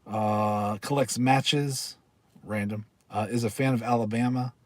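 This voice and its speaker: A man's voice: mid-range voice, steady tone, measured pace, darkish tone, no echo. A man hosting a casual livestream, rambling and reading aloud while chatting with viewers and laughing often. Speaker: livestream host. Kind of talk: casual live-stream chat.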